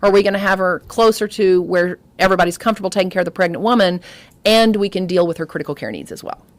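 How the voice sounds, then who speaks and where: A woman's voice: fairly low pitch, quick pace, no room sound. A woman giving a medical grand rounds lecture on obstetrics, telling stories and talking directly to the audience. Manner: lively storytelling with audience asides.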